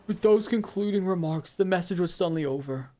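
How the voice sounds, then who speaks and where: A man's voice: sits high, a little fast, warm tone. A man reading a game's dialogue and narration aloud in a dry, matter-of-fact way.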